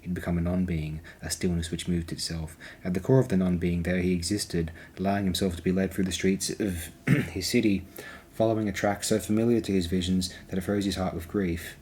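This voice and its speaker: A man narrating an audiobook in a slow, deliberate, measured reading. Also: deep voice, fairly even intonation, mellow, slight background noise.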